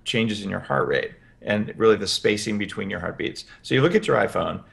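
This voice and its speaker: A man as a podcast guest, explaining practical health advice in an energetic interview. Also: on the low side, fairly quick, creaky. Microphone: headphones with podcast mic.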